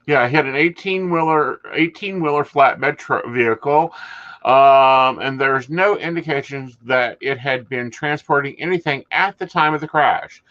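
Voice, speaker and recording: Bright-voiced man sharing news wryly. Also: medium pitch, normal speed, dull audio. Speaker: podcast co-host. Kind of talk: casual chat and reading news.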